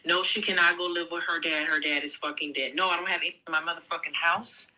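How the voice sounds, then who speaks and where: A woman's voice: on the low side, steady tone, fast talker, sharp tone, low-quality recording. A woman venting in exasperation, swearing heavily.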